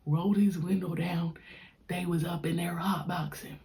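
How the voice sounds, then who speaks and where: A young woman hosting a podcast, telling a personal story in an animated, slangy, frank way. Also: fairly low pitch, moderate pace, gravelly. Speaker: podcast host. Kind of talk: casual storytelling.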